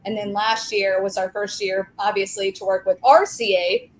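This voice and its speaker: A woman's voice: medium pitch, steady tone, moderate pace, a little hiss or hum, low-quality recording. A woman in her forties, a restaurant co-owner and guest, chatting in a talkative, enthusiastic way. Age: 40s. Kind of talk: casual chat.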